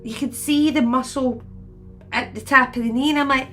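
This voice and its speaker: A woman's voice: high voice, steady tone, normal speed, pushed and bright, soft background music. A woman in her forties chatting casually to viewers, rambling and laughing often as she retells conversations. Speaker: spiritual medium host.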